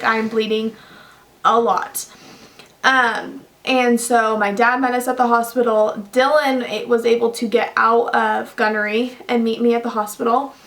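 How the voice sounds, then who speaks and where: A woman's voice: fairly high pitch, a bit bright. Chatty young woman vlogger. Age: young adult. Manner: chatty, rambling, many fillers and restarts. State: tearful at times. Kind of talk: casual storytelling to camera.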